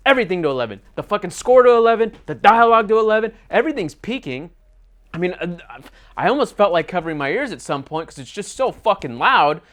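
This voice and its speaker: Angry guy ripping into a movie, swearing nonstop, voice swinging all over the place, pretty high. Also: sing-song, fast, fairly bright tone. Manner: furious, sweary, exasperated ranting. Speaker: movie reviewer. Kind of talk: angry movie review rant.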